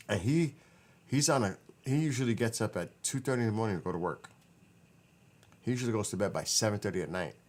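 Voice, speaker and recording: A tired man, rambling casually to his livestream viewers from his living room. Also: on the low side. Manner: rambling, self-correcting, talks to chat. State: tired, voice wearing out. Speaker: livestream host chatting with viewers.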